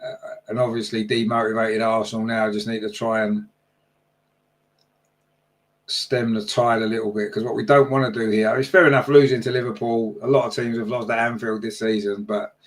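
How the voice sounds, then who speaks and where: A man's voice: fairly low pitch, little pitch movement, normal speed. A man giving live fan-channel football commentary, chatty and partisan, his voice jumping up when chances come.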